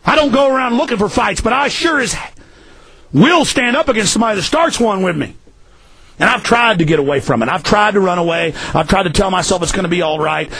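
A hoarse man hosting a talk radio show, ranting and pleading, shouting often with his voice breaking high. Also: a little fast, low-quality recording. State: hoarse from screaming. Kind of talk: impassioned talk radio rant.

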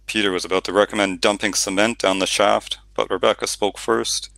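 A man narrating an audiobook in steady storytelling, with the odd reading slip. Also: on the low side, fairly quick, gravelly, no room sound. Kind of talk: scripted narration.

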